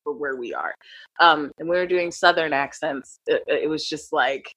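A woman's voice: low voice, moderate pace, husky, no room sound, rough recording. A middle-aged woman who teaches acting and accents, chatting casually and laughing often as she tells stories. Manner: animated, laughs often, slips into quoted voices. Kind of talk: casual conversation.

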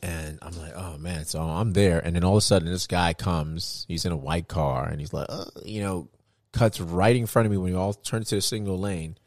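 A man co-hosting a casual podcast, telling a driving story with animated acted-out quotes and casual swearing. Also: low voice, fairly quick, no room sound, clean studio sound. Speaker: podcast co-host.

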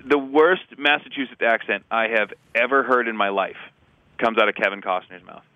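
A man's voice: mid-range voice, normal speed, pushed and bright, dry recording, lo-fi sound. A man co-hosting a podcast, chatting casually about movies, emphatic and jokey, with a rambling way of talking. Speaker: podcast co-host.

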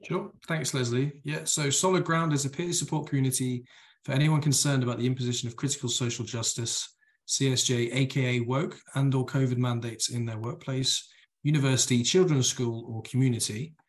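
A man's voice: mid-range voice, fairly even intonation, a little fast. A man co-hosting a live stream, reading the show's blurb in a professional, sober voice. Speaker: co-host.

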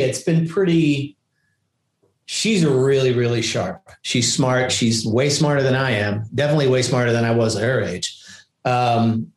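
A man chatting casually on a podcast and giving measured, reasonable advice. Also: medium pitch, echoey room. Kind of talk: casual chat.

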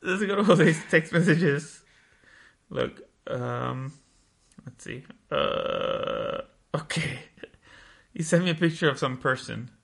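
A young man chatting on a podcast in a relaxed, teasing way. His voice is gravelly with a bright tone, and he retells messages in a loose, easy style. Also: a little high, takes it slowly, pauses often. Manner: laid-back, teasing, quoting texts aloud. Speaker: podcast co-host. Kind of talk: casual chat.

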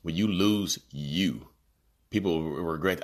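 A man's voice: low voice, lively intonation, brisk. A man hosting a podcast who gives casual, earnest self-help advice, repeating his points and calling his listeners "y'all.". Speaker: podcast host. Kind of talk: casual motivational talk. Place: home, about to join a video call.

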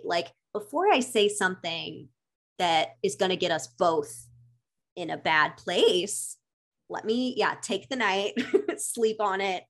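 A woman co-hosting a casual astrology chat, animated and playful, laughing often as she explains things. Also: mid-range voice. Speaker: astrology podcast co-host.

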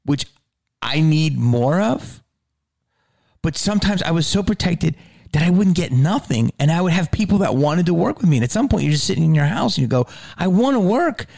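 A middle-aged man chatting casually on a podcast, telling animated, profane stories and dropping his voice low for asides. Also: brisk, gravelly, dry recording, studio quality. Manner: swearing, animated storyteller who drops low for asides. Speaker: guest comedian.

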